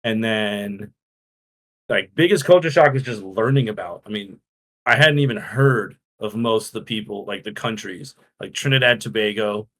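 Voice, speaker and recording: A man's voice: fairly low pitch, normal speed, a bit bright. A man co-hosting a casual podcast, a bubbly storyteller who acts out what others said. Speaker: podcast co-host.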